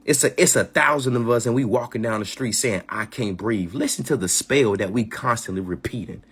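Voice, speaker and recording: A man's voice: medium pitch, a little fast, husky. A man hosting a live community gathering, talking passionately with a lot of slang, swearing and repeated phrases. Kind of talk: casual live-stream talk.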